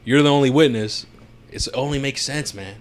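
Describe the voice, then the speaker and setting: Male podcast co-host, mid pitch, casual and animated, lots of laughter, acts out scenes. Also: fairly quick. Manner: animated, laughs often, acts out characters' lines. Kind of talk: casual recap chat.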